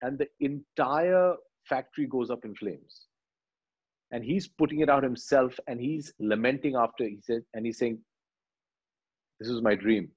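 A man, animatedly retelling film scenes in an interview and quietly acting out the lines. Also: mid-range voice, moderate pace, husky, highs cut off. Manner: animated storyteller, acts out dialogue lines quietly. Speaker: actor, interview guest.

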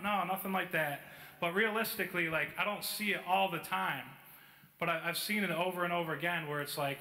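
High-voiced man preaching in an echoey church. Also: a little fast. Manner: casual, animated, many "like" fillers. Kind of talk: sermon storytelling. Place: church hall.

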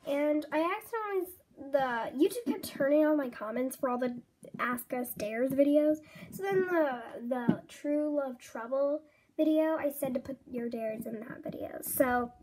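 A woman's voice: high-pitched, moderate pace, a little mellow, a little hiss or hum. A woman hosting her channel, rambling casually and correcting herself as she introduces a toy horse role-play. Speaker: channel host.

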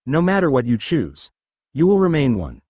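A man voicing a calm, kind old sage in a storybook reading, with a gentle, solemn manner. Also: mid-range voice, normal speed, dry recording.

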